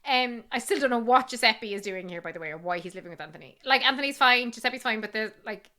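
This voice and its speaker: A woman hosting a podcast, recapping TV scenes in animated, casual chat and swearing freely. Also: a little high, quick pace. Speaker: podcast host.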